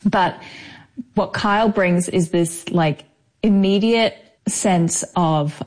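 A woman's voice: lowish voice, slow, a little mellow. A woman with an Australian accent, an actress talking casually in an interview, chatty with many fillers. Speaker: actress, guest.

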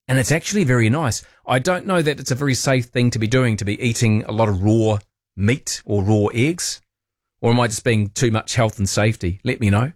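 A man's voice: mid-range voice, a little fast, no room sound, clean studio sound. A man hosting a talkback radio show, chatting casually with playful, joking asides. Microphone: studio microphone.

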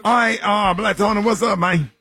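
A man's voice: high voice, steady tone, moderate pace, sharp tone. A man hosting a morning radio show, tossing in laid-back, teasing comments during banter. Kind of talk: casual on-air banter.

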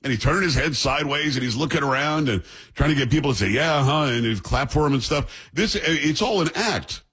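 Husky, blunt New man. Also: medium pitch, expressive, a little fast, a bit bright. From New York. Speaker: show host and commentator. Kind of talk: political commentary.

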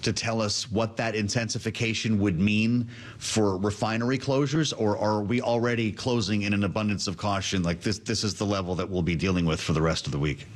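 A man anchoring a news program, reading statements aloud and questioning a guest in a brisk, conversational way. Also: lowish voice, fairly even intonation. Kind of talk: broadcast news presenting.

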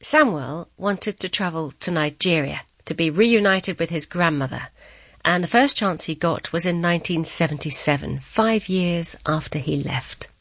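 A woman reporter giving scripted documentary narration in a measured, clear way. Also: on the low side, animated, a bit bright, dry recording.

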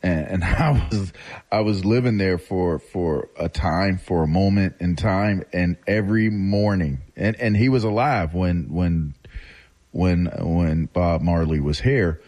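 A man's voice: low voice, measured pace. A man co-hosting a radio show, joking in casual banter and laughing often. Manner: laughing, animated, jokey. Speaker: co-host.

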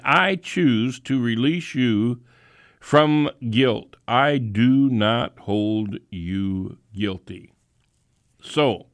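A man delivering a sermon in a slow, unhurried way, stressing his scripture readings with deliberate emphasis. His voice sits at a middle pitch and sounds close and dry, with little room sound. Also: no room sound. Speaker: preacher and Bible teacher.

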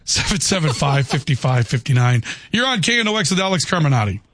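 A man's voice: a little high, big pitch swings, quick pace, a bit bright, slight background noise. A man hosting a radio show who reads listener texts and teases his guest in a playful way. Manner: playful, teasing. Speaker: radio host. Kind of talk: casual radio chat.

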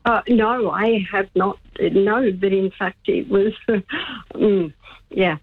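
A woman's voice: medium pitch, slow, dry recording. A woman calling in to a radio show, telling a story in a chatty, laughing way. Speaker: caller. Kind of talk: casual phone-in chat. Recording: tinny phone line.

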